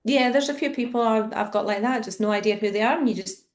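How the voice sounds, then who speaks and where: A woman's voice: on the high side, fast talker. A woman from Scotland with a Scottish accent, a guest in a casual podcast chat, asking questions and laughing easily.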